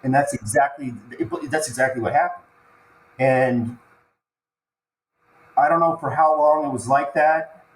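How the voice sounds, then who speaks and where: A man recounting a frightening personal experience as a podcast guest, halting and stumbling over restarts, sounding choked up as he talks. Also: mid-range voice, steady tone. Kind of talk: emotional personal storytelling. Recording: roomy echo.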